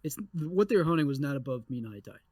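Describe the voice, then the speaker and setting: A young adult man co-hosting a podcast, telling a story in a casual, animated way with lots of swearing. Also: on the high side, quick pace, no echo. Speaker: podcast co-host.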